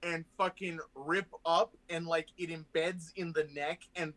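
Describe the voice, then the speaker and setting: A man's voice: fairly high pitch, steady tone, unhurried, bright, forceful tone. A man playing a tabletop game who rolls dice aloud and gleefully describes his character's attacks in vivid detail. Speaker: player.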